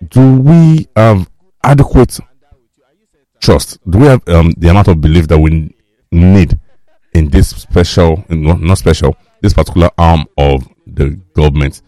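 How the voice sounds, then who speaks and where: A Nigerian man hosts a radio talk show from the studio, his voice extremely low, dark and mellow. He talks through the news in a relaxed, wry way, pausing on fillers as he thinks aloud. The sound is close and dry. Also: no room sound. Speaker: radio host.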